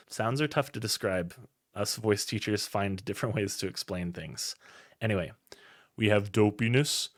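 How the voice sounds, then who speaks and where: A male voice teacher explaining warm-up exercises clearly and step by step, between sung demonstrations. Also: lowish voice. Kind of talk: singing lesson instruction.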